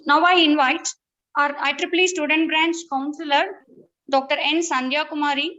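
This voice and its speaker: High-voiced woman hosting a webinar. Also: steady tone, moderate pace, bright, forceful tone, lo-fi sound. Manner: polite, formal, addresses people as sir and ma'am. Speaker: webinar host and moderator. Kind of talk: formal event hosting. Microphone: video call.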